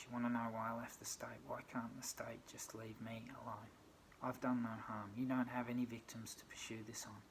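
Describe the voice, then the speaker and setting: A middle-aged Australian man speaking in a gravelly voice that stays flat in pitch. He rants with frustration and throws out one rhetorical question after another, with a faint hiss of noise behind him. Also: low-quality recording. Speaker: vlogger. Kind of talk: aggrieved personal rant.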